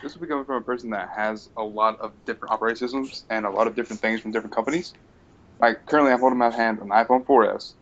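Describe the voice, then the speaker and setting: Fast-talking man over a laptop call. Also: medium pitch, fairly even intonation, fairly bright tone. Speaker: podcast co-host. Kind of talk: casual podcast chat. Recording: dull lo-fi laptop call audio.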